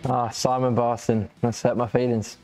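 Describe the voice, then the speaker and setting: A man's voice: mid-range voice, level tone, normal speed, dark tone. A man with an English accent co-hosting a live prize draw, joking, laughing often and swearing casually. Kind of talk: casual banter. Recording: faint background music.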